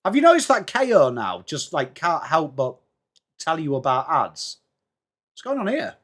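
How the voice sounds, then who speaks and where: A man's voice: a little high, wildly swooping pitch, moderate pace, fairly bright tone. A man with an English accent hosting a casual live sports watchalong stream, chatting and greeting viewers by name. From England.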